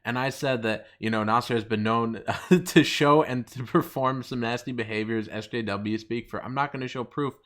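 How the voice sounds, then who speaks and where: A young man hosting his channel, ranting with mocking laughs and jumping into a higher voice whenever he quotes people. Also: moderate pace, few pauses, fairly bright tone. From United States. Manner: mocking, laughing often, pitch jumping up when quoting others. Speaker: channel host. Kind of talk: ranting commentary.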